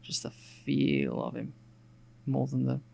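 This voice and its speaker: A man with an Australian accent, softened by some English RP, chats casually and rambles aloud while sketching on a live stream, with plenty of fillers and restarts. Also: medium pitch, takes it slowly, vocal fry. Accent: Australian, with some English RP picked up. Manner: relaxed and rambling, thinking aloud with many fillers. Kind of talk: casual narration while drawing.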